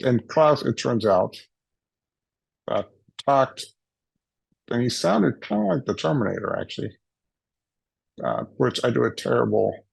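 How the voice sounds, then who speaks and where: At a virtual summit, a man with a mid-range, gravelly, slightly rough voice tells a funny personal story, playfully acting out the voices of people he quotes. The recording is dry.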